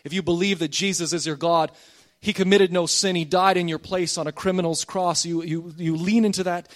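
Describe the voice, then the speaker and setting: A man's voice: high voice, steady tone, a little fast. A man preaching a sermon as pastor, earnest and emphatic, calling on the congregation to repeat after him.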